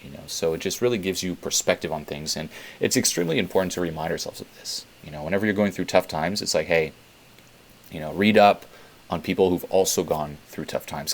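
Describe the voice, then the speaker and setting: Man, very deep voice, casual self-help vlog, rambling, filler-heavy, swears bluntly. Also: fairly quick. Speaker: self-help video host.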